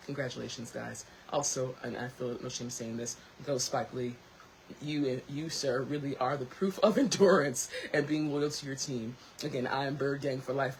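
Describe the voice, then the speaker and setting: A woman hosting her own tea talk show, chatting casually to camera, lively and quick to laugh. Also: sits low, slight background noise, rough recording.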